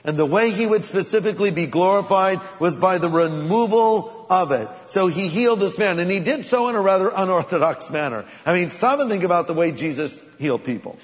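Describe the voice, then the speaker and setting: A high-voiced pastor delivers a sermon, moving between relaxed conversation and sudden bursts of dramatic emphasis. He's expressive and fairly quick with few pauses, and his voice echoes with long hall reverb on a dull, lo-fi recording.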